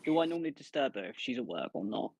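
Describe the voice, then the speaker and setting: A man's voice: medium pitch, sing-song, quick pace, slightly rough, no room sound. A man taking part as a player in a tabletop game, hesitant and asking questions. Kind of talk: casual tabletop game chat.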